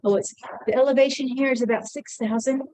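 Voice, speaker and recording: A woman's voice: sits high, steady tone, brisk, a little mellow, dry recording, low-quality recording. A woman teaching an energy routine, talking through each movement as she does it and a little out of breath. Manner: chatty, encouraging, narrates her own movements. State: slightly out of breath. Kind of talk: casual instructional demonstration.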